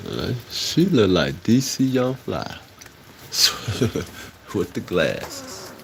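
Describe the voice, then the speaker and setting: Deep-voiced man ranting on a livestream. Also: big pitch swings, very slow, gravelly, slight background noise. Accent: Chicago. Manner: loose, rambling, gets heated and emphatic. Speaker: livestream host. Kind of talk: casual livestream rant.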